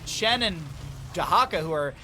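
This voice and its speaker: A man's voice: sits high, normal speed, noisy background. Chatty young man casting a game. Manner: chatty, jumps from banter to excited play-by-play. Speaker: esports caster. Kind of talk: solo game commentary.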